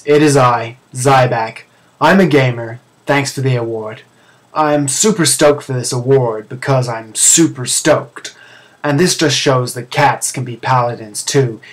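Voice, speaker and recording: A man voicing a brash, boastful cat paladin and gamer who talks loudly and excitedly. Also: medium pitch, natural voice. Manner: loud, boastful, hyped.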